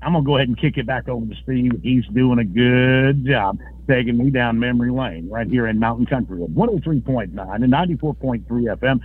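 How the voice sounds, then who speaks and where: A man, a radio host broadcasting live on location, folksy and pitchman-like, a little out of breath. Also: fairly quick. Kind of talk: live remote radio promo. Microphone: phone line. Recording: tinny phone-line remote feed.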